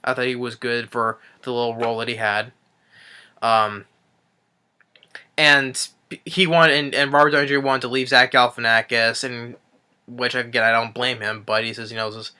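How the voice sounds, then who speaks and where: A man's voice: medium pitch, flat delivery, moderate pace, pushed and bright, smooth. A man recapping a movie in a casual review, rambling with frequent restarts and swearing.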